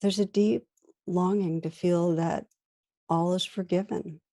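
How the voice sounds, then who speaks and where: A woman meditation teacher giving a gentle, reflective dharma talk, weaving in stories. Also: fairly low pitch, steady tone, a little slow, no echo.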